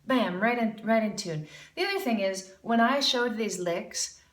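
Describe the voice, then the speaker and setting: A woman's voice: fairly high pitch, lively intonation, a little slow, echoey room, recorded from a distance. A woman teaching jazz singing, critiquing a student and demonstrating phrases with scat syllables in an encouraging way. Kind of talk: music lesson critique with scat singing demos.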